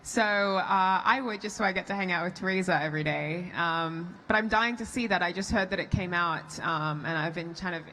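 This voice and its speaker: A woman's voice: fairly low pitch, fairly even intonation, a little fast, few pauses, a little hiss or hum, low-quality recording. A woman in her twenties with an Australian accent, an actress answering fan questions in a chatty way. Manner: warm, chatty, many fillers. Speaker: actress on a convention panel. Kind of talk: casual panel Q&A. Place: convention hall on stage.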